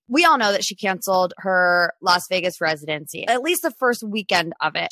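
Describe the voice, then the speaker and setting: A woman's voice: on the high side, a bit bright, dry recording. Chatty young woman podcast host. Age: 20s. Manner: chatty, opinionated. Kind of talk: casual pop culture chat.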